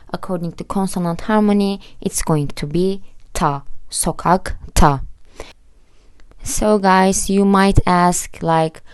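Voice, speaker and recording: Woman teacher, low voice, unhurried, dry close sound. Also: clear, resonant tone, dry recording. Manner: patient, spells out letters one by one. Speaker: language teacher. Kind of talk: slow explanatory lesson.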